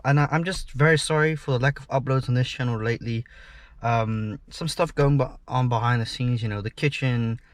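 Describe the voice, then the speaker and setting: Rambling young man vlogging in a car. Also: mid-range voice. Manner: rambling, swears freely, laughs. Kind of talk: casual vlog chat. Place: inside a parked car. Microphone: GoPro camera.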